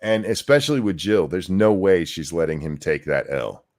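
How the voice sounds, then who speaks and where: A man's voice: deep voice, normal speed. Guy hosting a political stream, sarcastic, voice jumps all over. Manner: animated, sarcastic. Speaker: host. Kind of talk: casual political chat.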